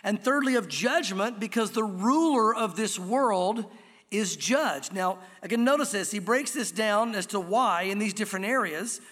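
A man preaching a sermon as pastor, slowing down to stress key words from scripture. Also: high-pitched, a bit bright. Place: church sanctuary. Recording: long hall reverb.

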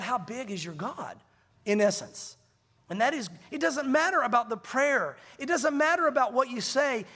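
A male pastor delivers a sermon in a high, light voice. He tells stories with animation and slips into the voices of the people he quotes. A long reverb hangs on his words, as in a large hall. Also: fairly bright tone.

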